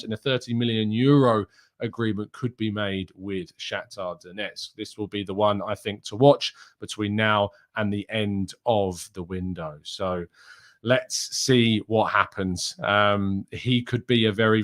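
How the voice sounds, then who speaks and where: Lowish-voiced male host, chatty news roundup, loose with ums and restarts. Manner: conversational, with frequent ums and restarts. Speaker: host of a football news show. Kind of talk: live news roundup and chat.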